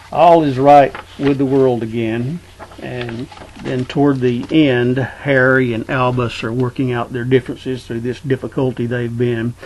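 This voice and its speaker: A man casually discussing a book, talking in an unhurried way and reading passages aloud. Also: medium pitch, a little mellow, rough recording. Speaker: book reviewer.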